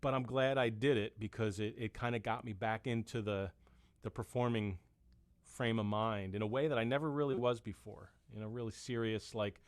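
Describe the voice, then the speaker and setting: A man's voice: lowish voice, fairly even intonation, moderate pace, no echo. A man in his fifties chatting as a musician guest, rambling and self-deprecating, with many restarts. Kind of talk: casual chat.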